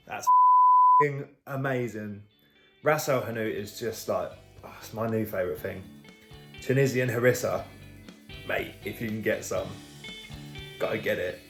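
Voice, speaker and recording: A man hosting a cooking vlog, tasting his dish and gushing over it in an excitable, casual way. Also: mid-range voice, echoey room. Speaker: cooking show host.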